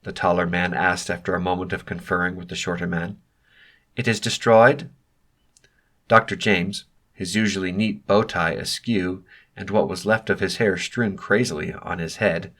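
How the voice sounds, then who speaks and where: A man reading an audiobook as narrator, telling the story in an even, steady way. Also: sits low, normal speed. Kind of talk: scripted narration.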